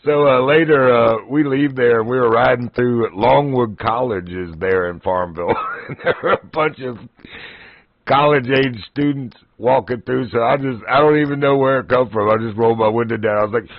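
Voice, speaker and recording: A man spins casual, folksy stories on his livestream and keeps breaking into laughter. His voice sits in a middling pitch. The audio is dry and a little dull and lo-fi. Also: moderate pace, dry recording. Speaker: livestream host. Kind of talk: casual storytelling.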